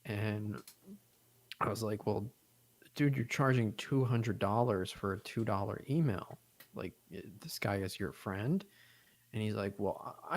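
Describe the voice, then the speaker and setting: Low-voiced man telling a rambling story. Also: measured pace. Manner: rambling, profane, animated retelling with quoted voices. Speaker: podcast co-host. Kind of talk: casual storytelling chat.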